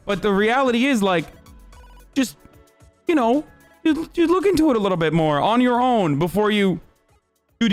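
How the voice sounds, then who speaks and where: A young man rants at his livestream chat in a very high, strained voice, swearing constantly and breaking into shouts. Faint music plays behind him. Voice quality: profane, fast, shouting in bursts. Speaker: streamer. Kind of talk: heated livestream rant.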